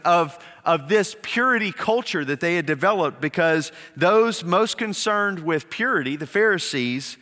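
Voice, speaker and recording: A male pastor giving a sermon, emphatic, repeating words and slowing down on key phrases to press a point home. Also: on the high side, fairly bright tone. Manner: emphatic preaching with repetitions and slowed, dropped phrases. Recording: long reverb of a hall.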